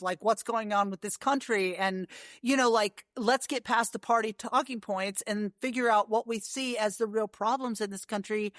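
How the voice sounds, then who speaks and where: Brief: a woman recounting her journey in an interview, chatty and animated, clean dry sound. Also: medium pitch, dry recording. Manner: animated storyteller with frequent asides. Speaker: guest, long-distance horse rider. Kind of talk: casual interview storytelling.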